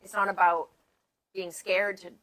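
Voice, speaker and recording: A woman's voice: fairly low pitch, little pitch movement, measured pace, a bit bright, low-quality recording. A woman in casual chat, chiming in eagerly and agreeing.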